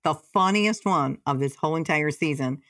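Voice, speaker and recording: A middle-aged woman from Michigan in casual chat, telling lively stories and acting out quotes in raised voices. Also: low voice, moderate pace, a little hiss or hum. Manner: animated storyteller, acts out quotes in raised voices.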